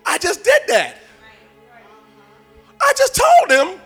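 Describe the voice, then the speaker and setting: A man preaching as a pastor, shouting and singing out phrases and acting out the voices of the people in his text. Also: extremely high pitch, huge pitch swings, a little slow, soft background music. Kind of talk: sermon.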